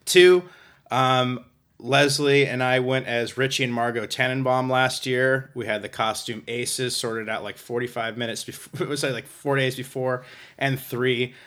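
Man, podcast co-host, crisp bright voice, jokes, rambles and restarts. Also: medium pitch, steady tone, measured pace. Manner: jokey, rambling, stumbles over words. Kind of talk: casual chat.

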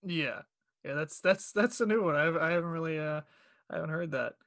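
A man's voice: fairly high pitch, brisk, a bit bright, no echo, studio quality. A man from Long Island with a New York accent, an easygoing podcast guest who laughs often. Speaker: podcast guest, banker and voice actor. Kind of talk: casual podcast chat.

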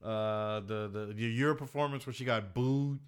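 A man's voice: mid-range voice, normal speed, clean tone. A man co-hosting a podcast in casual chat, teasing and laughing. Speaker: podcast co-host.

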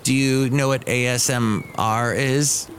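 A man's voice: medium pitch, fairly even intonation, slow pace. A middle-aged man hosting a comedy podcast in a loose, rambling way, stopping and restarting his sentences. His voice sits in an ordinary mid range, with a faint hiss of room noise behind him. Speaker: podcast host. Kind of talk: casual comic monologue.

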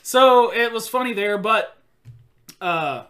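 A man hosts a casual podcast chat with a bright, clear tone and a voice a bit higher than most men's. He tells stories animatedly, acting out quotes and laughing often. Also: expressive, takes it slowly.

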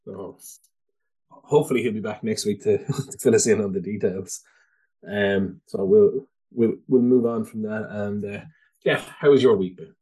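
A man co-hosting a podcast, talking in a relaxed, hesitant way with fillers. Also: lowish voice, moderate pace, breathy edge. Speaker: podcast co-host. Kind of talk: casual chat.

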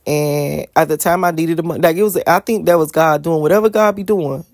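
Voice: medium pitch, steady tone, a little fast, darkish tone, dry recording, clean studio sound. An adult vlogger with school-age kids, talking bluntly and profanely in a casual storytelling monologue, repeating words for emphasis.

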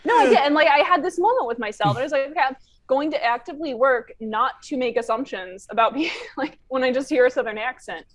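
A woman's voice: high voice, fast, dry recording. A woman from Chicago, co-hosting a podcast in a playful, chatty way with frequent laughs. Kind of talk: casual podcast chat.

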